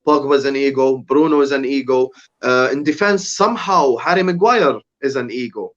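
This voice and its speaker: A man's voice: mid-range voice, moderate pace, a bit bright, highs cut off. A young man on a podcast, ranting heatedly about football and swearing often. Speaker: podcast guest, rival fan. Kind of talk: casual podcast chat.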